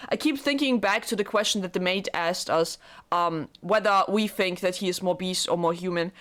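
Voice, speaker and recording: Excitable, swearing young woman gamer. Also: fairly low pitch, moderate pace. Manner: excitable, rambling, heavy swearing. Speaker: gaming YouTuber. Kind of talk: casual let's-play commentary.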